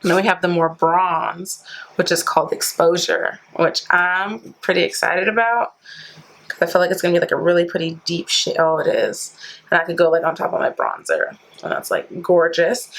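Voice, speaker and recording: A woman's voice: on the low side, fairly bright tone, poor audio. A woman beauty vlogger chatting casually through a product review, filling her talk with "like" and playful slang. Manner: chatty, says "like" constantly; playful slang, calls viewers sis and honey.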